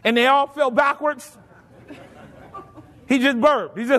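High-voiced preacher man in a reverberant hall. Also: fairly even intonation, measured pace, fairly bright tone. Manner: preaching with rhetorical questions to the congregation; colloquial, drops into folksy grammar. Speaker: pastor. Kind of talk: sermon. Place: church sanctuary. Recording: long reverb of a church hall.

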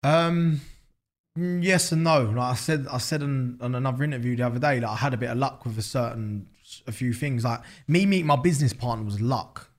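A man's voice: medium pitch, fairly quick. A man with a London accent, a guest in an interview, talking loosely with lots of slang, fillers and swearing. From England. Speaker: guest, business founder. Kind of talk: casual interview chat.

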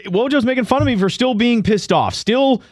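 A man's voice: extremely high pitch, animated, brisk, no echo, studio quality. A man hosting sports talk radio, ranting in frustration.

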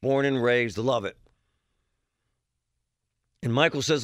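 A man's voice: medium pitch, expressive, takes it slowly, long pauses, fairly bright tone, no echo, studio quality. A man hosting a talk radio show, delivering a blunt, heated monologue. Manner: blunt, heated, emphatic ranting.

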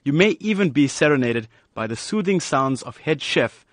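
A man's voice: on the high side, animated, moderate pace, no room sound. South African male reporter, scripted news read, dry close studio sound.

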